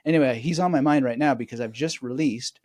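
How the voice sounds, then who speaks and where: A man speaking as a guest memory expert in a conversational interview, animated and digressive, often laughing as he explains. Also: mid-range voice, fast talker, no echo, clean studio sound.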